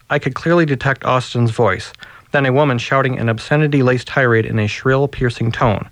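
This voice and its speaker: A man reads his own novel aloud in a wry, deadpan way. His voice sits in a middle range and sounds dry and close to the mic. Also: mid-range voice, no echo. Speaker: author.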